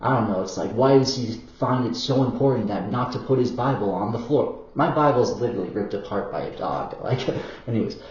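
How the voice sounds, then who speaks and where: A man's voice: medium pitch, a little fast, a little mellow. A man talking in a rambling, hesitant monologue, full of fillers, self-corrections and apologetic asides. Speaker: vlogger. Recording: roomy, dull-sounding recording.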